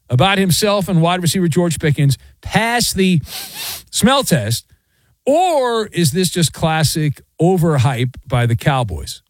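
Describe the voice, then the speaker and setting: Animated, sarcastic male sports talk host. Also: high voice, no echo. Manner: playful, sarcastic, animated with drawn-out emphasis. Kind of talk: sports talk radio monologue.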